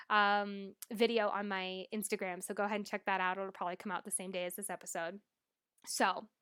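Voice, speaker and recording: A woman's voice: medium pitch, pushed and bright, clear, resonant tone. Earnest woman podcaster, motivational. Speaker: podcast host and life coach. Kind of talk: solo podcast monologue.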